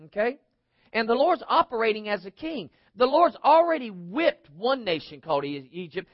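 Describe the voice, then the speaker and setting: A man's voice: high-pitched, no room sound, dull audio. A man preaching a sermon in an emphatic, conversational way, asking the congregation rhetorical questions. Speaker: pastor.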